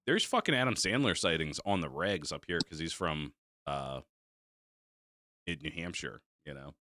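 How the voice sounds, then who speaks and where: A man's voice: rumbling low, animated, normal speed, sharp tone, dry recording. A middle-aged man hosting a podcast, chatting casually in a profane, laid-back way and laughing often. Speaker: podcast host. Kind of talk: casual chat.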